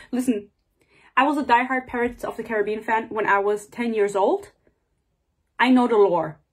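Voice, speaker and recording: A woman in her twenties giving a casual book rant, exasperated and sarcastic, swearing freely and rambling off on tangents. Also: a little high. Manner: rambling and digressive. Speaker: book reviewer.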